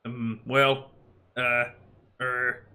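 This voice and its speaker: A man's voice: medium pitch, level tone, very slow, pushed and bright, pitched below the performer's own voice, full character voice. A man voicing a stiff, dutiful knight captain who speaks formally and hesitantly.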